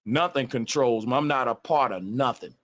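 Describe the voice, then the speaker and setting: A man's voice: medium pitch, normal speed, fairly bright tone. A man on a livestream, ranting emphatically with a lot of profanity and repetition. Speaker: live streamer. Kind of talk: casual livestream rant.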